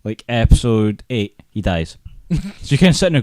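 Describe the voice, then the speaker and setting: A man's voice: medium pitch, sing-song, brisk, darkish tone, no room sound, studio quality. A man co-hosting a casual podcast chat, teasing his co-host and telling stories dramatically.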